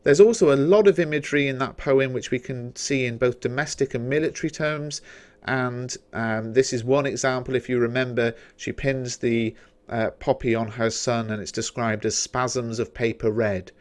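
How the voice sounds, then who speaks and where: A man with a British accent explaining poetry quotations in a revision lesson, measured and explanatory. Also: mid-range voice, steady tone. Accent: British English. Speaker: English teacher.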